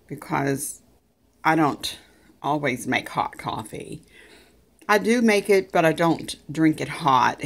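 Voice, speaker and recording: Slow, low, gravelly woman. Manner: homey, talks to her dog in a high sing-song baby voice. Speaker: vlogger. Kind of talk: casual kitchen vlog chat. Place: home kitchen.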